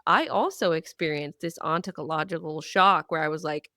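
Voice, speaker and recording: A woman with a somewhat low voice hosting a conversational interview. She affirms her guest and thinks aloud, with an idealistic turn to her words. The recording is dry and close, with no room sound. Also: normal speed, sharp tone, no room sound. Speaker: podcast host.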